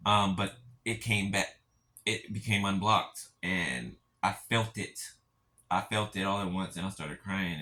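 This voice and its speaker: Soft-spoken man giving spiritual encouragement. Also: low-pitched, lively intonation. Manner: gentle, halting, keeps asking "right?". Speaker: spiritual speaker addressing viewers. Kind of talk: heartfelt spiritual encouragement talk.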